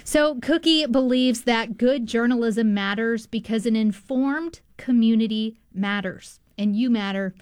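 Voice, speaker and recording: Chatty lady pledge drive host, kinda high voice, totally dry sound. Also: unhurried, hardly any pauses, clear, resonant tone, no room sound. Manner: bubbly, chatty, enthusiastic. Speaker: public radio host. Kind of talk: pledge drive on-air appeal.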